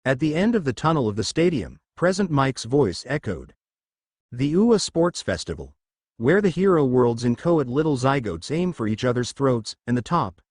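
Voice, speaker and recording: Brief: young male narrator, animated pitch, dry close recording. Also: dry recording. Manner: plain, steady reading with occasional slips. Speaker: fan-fiction reader. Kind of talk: story narration.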